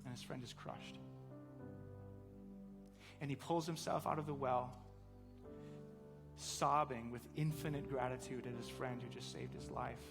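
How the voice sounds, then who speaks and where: A pastor preaching a sermon, telling a story earnestly and building to fervent emphasis. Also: male voice, mid-range voice, steady tone, unhurried, long pauses, big-room sound, music in the background.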